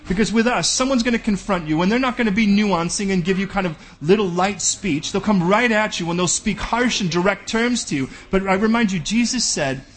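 A man's voice: high-pitched, fairly quick, few pauses, slight background noise. A man preaching a sermon as pastor, bold and direct, often acting out back-and-forth dialogues.

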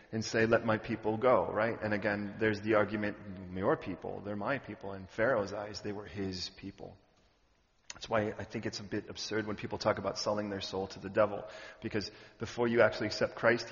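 Man, pastor, sermon, conversational and humorous, loud animated bursts, dull lo-fi church recording. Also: lowish voice. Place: church hall. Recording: echoey hall, dull lo-fi sound.

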